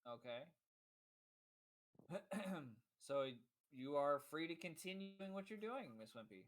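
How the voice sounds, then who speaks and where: A man running a tabletop game as game master, narrating scenes and pausing often to search for the next words. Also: on the high side, lively intonation, low-quality recording.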